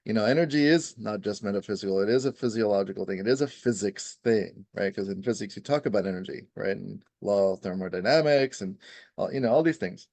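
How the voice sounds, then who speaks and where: A man's voice: fairly low pitch, fast talker, vocal fry, a little mellow, no echo. A man who practises Ayurveda, explaining in a rambling, casual way, full of "you know" and "right?" and little acted-out quotes.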